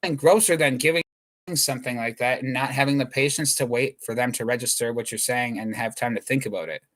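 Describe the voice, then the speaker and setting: Rambling man, mid-pitched voice. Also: fairly even intonation, brisk, fairly bright tone. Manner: scattered, self-interrupting, restarts thoughts mid-sentence. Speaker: comedian. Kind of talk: rambling comedic monologue.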